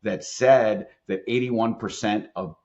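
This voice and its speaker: A man's voice: on the low side, fairly even intonation, takes it slowly, a little mellow, muffled recording. A middle-aged man, an employment attorney and leadership expert, talking as a podcast guest, emphatic and earnest as he tells stories. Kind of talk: conversational podcast interview.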